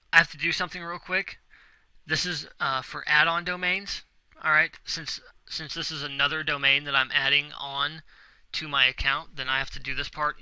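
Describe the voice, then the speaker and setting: A man's voice: on the high side, sharp tone, clear, resonant tone, no room sound, poor audio. A young man walking viewers through a website setup on screen, talking casually and reassuringly and often checking in with "okay?". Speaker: web tutorial instructor. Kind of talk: screen-recorded tutorial walkthrough.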